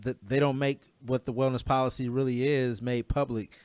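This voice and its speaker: A man's voice: medium pitch, little pitch movement, brisk, darkish tone, smooth, no room sound. A man hosting a podcast, asking questions and cracking jokes. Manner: inquisitive, joking. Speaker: podcast host. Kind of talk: casual podcast chat.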